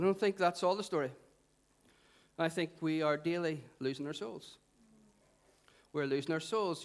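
A middle-aged man preaches in a chatty, animated way. His voice sits fairly high for a man. He keeps asking the congregation questions and drawing them in. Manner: animated, conversational, asks the crowd questions. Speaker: pastor. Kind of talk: sermon.

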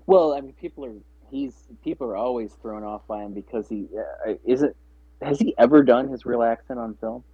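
A man's voice: mid-range voice, normal speed, breathy edge. A man chatting casually about films, rambling with many restarts and fillers. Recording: dry, phone-like narrow sound.

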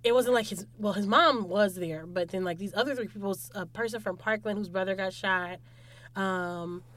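A young woman chatting casually as a podcast co-host, lively and acting out quotes. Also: medium pitch, normal speed. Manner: animated, acts out quotes in loud voices. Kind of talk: casual chat.

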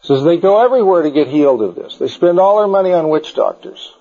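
A man's voice: on the high side, expressive, quick pace, dark tone. A man teaching a group about the Bible in an informal, digressive style, full of anecdotes, in a dull lo-fi recording.

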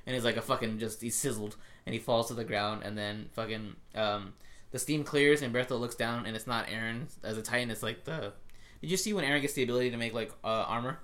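A man's voice: mid-range voice, quick pace, a bit bright. A man hosting a casual podcast, retelling things in a rambling, profanity-heavy way with lots of fillers. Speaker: podcast host. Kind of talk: casual chat.

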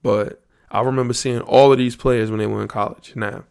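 Gravelly man riffing on sports. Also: medium pitch, fairly even intonation, brisk, darkish tone. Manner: loose, profane, slangy sports talk, thinking aloud. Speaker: podcast host. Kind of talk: casual solo podcast talk.

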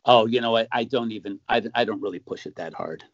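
A man, a magician guest in a casual interview, telling stories and acting out accusing voices with sudden loud jumps. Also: on the low side, fast. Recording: dull, muffled sound.

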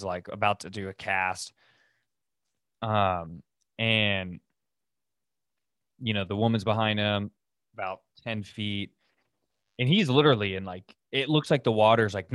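The man's voice is lowish and a bit bright, recorded cleanly in a studio with no room sound. He hosts a casual solo podcast, rambling through loose stories heavy with fillers and restarts.

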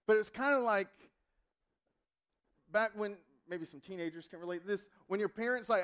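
High-voiced, fervent male pastor preaching. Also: a little fast, fairly bright tone, smooth. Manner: storytelling, emphatic, rises in pitch and volume when fervent. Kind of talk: sermon.

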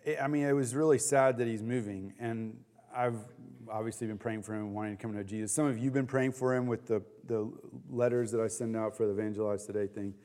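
A man leading a Bible study, teaching in a casual, animated way with many fillers. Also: fairly low pitch, quick pace, hardly any pauses, big-room sound.

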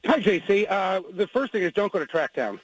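A man's voice: sits high, very animated, brisk, no room sound, rough recording. A man calling in with restaurant tips, joking in a dry way. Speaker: caller, researcher.

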